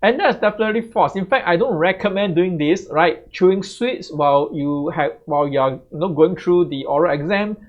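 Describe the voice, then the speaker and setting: Man, tutor, chatty exam tips, slightly high voice, dull lo-fi sound. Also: a little fast, few pauses. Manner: conversational, tags sentences with "right?". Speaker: English tutor. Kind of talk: exam tips lesson to camera. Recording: slightly muffled lo-fi audio.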